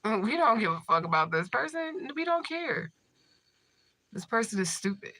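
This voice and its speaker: A woman's voice: a little high, big pitch swings, moderate pace, bright, forceful tone. A woman chatting casually with viewers on a livestream, brash and profane, laughing often as she trash-talks trolls. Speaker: spiritual medium livestreamer.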